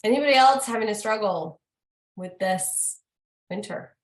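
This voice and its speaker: A woman hosting a casual talk, chatting in an animated way and quizzing herself with repeated questions. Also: mid-range voice, a little slow. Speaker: host. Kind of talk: casual chat. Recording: roomy echo.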